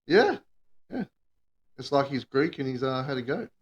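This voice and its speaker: A man's voice: mid-range voice, sing-song, normal speed, muffled recording. A man co-hosting a podcast, trading one-liners and swearing casually. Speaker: podcast co-host. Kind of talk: casual banter.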